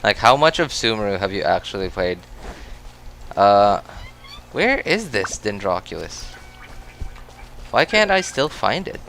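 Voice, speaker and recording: A man's voice: lowish voice, sing-song, unhurried, creaky, long pauses, a bit bright, slight background noise. A Filipino man with an American accent, streaming gameplay and chatting with his viewers. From Philippines. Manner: chatty, reacts aloud and answers chat. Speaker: game streamer. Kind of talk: gameplay livestream commentary.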